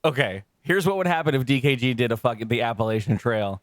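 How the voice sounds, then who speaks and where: A man's voice: fast, no echo. Man, podcast co-host, casual banter, frequent laughter, mid-range voice, dry dead sound. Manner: laughs often, acts out quoted people in goofy high voices.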